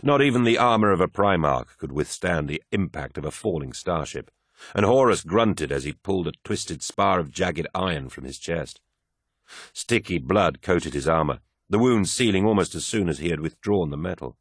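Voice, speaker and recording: A man narrating a dramatic action story with steady storytelling. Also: sits low, normal speed, no room sound, studio quality. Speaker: audiobook narrator. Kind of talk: scripted narration.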